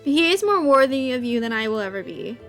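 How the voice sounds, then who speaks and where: A woman voicing a brooding young man, a dark wolfish rival, reading a visual novel aloud in a low, soft, wistful way. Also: very animated, fast talker, faint music behind.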